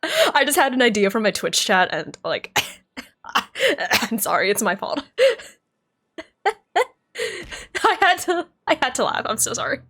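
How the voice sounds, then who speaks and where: A woman streamer with a high voice talks through a game reaction in a chatty, giggly way. She speaks slowly and keeps breaking into apologies. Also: wildly swooping pitch, bright, forceful tone, breathy edge.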